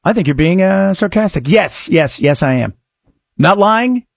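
A man hosting a talk radio show, delivering a sarcastic, animated monologue. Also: sits high, measured pace, gravelly, dry recording, clean studio sound.

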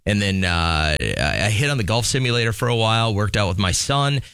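A man's voice: fairly low pitch, very animated, brisk, creaky, a bit bright, clean tone, no room sound, studio quality. A middle-aged man co-hosting a casual chat show, easygoing and rambling as he talks about coaching. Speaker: co-host and football coach.

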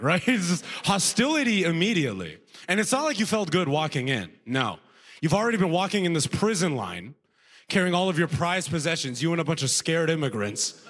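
Male comedian, slightly high voice, casual set with crowd asides, hall echo. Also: sing-song, a little fast, a bit bright. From Alberta, Canada. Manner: conversational, frequent "right?" asides, drawled impressions. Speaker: stand-up comedian. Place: comedy festival stage before a live audience.

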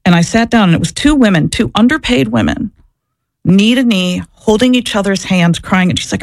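Halting, reflective woman with gravelly edge. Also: medium pitch, dry recording. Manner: halting, repeats words and restarts often, reflective. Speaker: interview guest, former abortion clinic worker. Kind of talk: candid personal storytelling in conversation.

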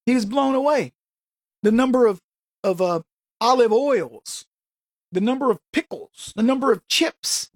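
Male talk radio host, sarcastic and animated, husky voice, dry studio sound. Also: high-pitched, normal speed, dry recording. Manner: animated, sarcastic rhetorical questions. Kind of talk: opinionated radio monologue.

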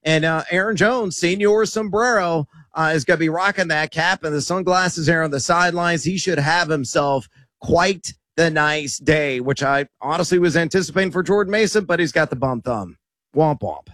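Wisecracking fantasy football analyst. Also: male voice, fairly high pitch, moderate pace, fairly bright tone, no echo. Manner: confident, wisecracking. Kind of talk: sports radio analysis.

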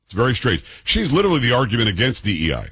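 A man's voice: mid-range voice, huge pitch swings, very fast, a bit bright, husky, no room sound. A man in his fifties hosting a political commentary show, combative and sarcastic, firing off rhetorical questions. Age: 50s.

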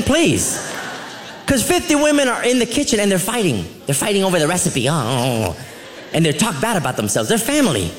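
A man doing a stand-up comedy routine, animated and laughing as he acts out his family members. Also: very high voice. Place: comedy club stage. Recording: live club with audience laughter and crowd noise.

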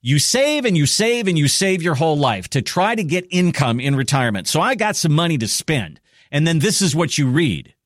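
A man's voice: a little high, sing-song, normal speed, no echo, studio quality. A man hosting a financial radio show, persuasive, talking listeners through retirement money and reading out contact details. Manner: persuasive, repeats phone numbers. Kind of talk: financial radio talk and ad reads.

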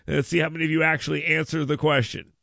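A man's voice: a little high, level tone, fast talker, vocal fry, sharp tone, dry recording. A man hosting a radio call-in show in a studio. He chats casually, rambles, repeats words and laughs often. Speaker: radio talk show host. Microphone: studio mic.

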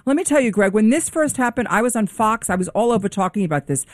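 A woman speaks in forceful, rapid points, sounding alarmed. Her voice is mid-pitched and recorded close and dry. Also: lively intonation, no echo. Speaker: real estate commentator. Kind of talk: heated talk show discussion.

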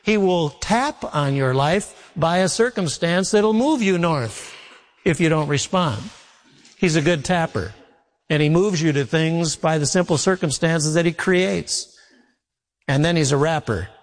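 A man preaching a sermon as a pastor, telling folksy stories and slowing down on key words for emphasis. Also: on the high side. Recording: long reverb of a large hall.

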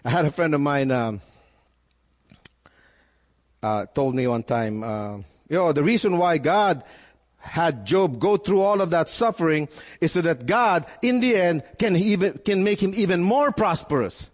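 A pastor preaches at a measured pace in a lively, swooping voice a little high for a man, jumping sharply in pitch and stumbling over repeated words as he presses his point. A long reverb makes him ring out as if in a large hall.

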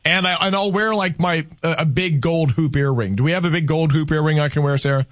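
A man's voice: fairly high pitch, brisk, a bit bright, dry recording. A man hosting a call-in radio show with a slightly raised voice, and he rambles and teases himself. He talks into a studio mic, and the sound is dry and close. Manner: rambling, self-deprecating, playful. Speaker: radio talk show host. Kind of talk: casual call-in radio chat. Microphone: studio microphone.

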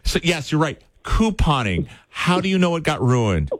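A male morning radio host talks in a rapid, playful stream, joking with callers between questions. His voice is close and dry, with no room sound around it. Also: a little high, sing-song, dry recording. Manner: quick, joking, chatty. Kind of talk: casual radio chat with callers. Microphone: studio microphone.

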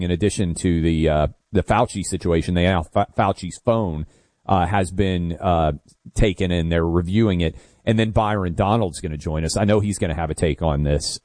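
A man's voice: low-pitched, a little mellow, no room sound, studio quality. Brash male talk radio host. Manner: brash, quick, joking. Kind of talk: casual talk radio banter. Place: radio studio.

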